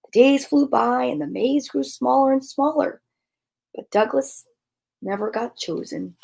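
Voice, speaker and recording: A woman reading a picture book aloud to children, expressive and often dropping to a hush. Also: sits high, a little slow, vocal fry. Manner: expressive, dropping to hushed near-whispers. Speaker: storyteller.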